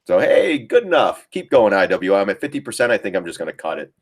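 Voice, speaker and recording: Very animated and brisk, this man speaks with a fairly low pitch. He hosts a live trading stream full of casual chart talk, frequent laughter, and impressions of panicked traders, delivered as informal live market commentary.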